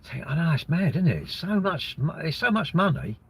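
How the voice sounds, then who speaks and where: A man's voice: fairly high pitch, big pitch swings, a little fast, creaky, few pauses, breathy edge. A man hosting a livestream, chatting casually and joking in a rambling way while reading out viewer messages. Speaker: livestream host reading chat. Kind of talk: casual chat.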